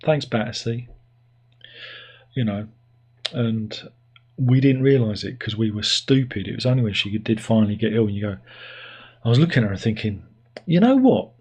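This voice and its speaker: A man's voice: lowish voice, steady tone, moderate pace, pauses often, a little mellow, breathy edge. An English man hosting a casual livestream, rambling and self-mocking as he chats, now and then putting on silly voices. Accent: British (England). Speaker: livestream host. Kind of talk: casual chat.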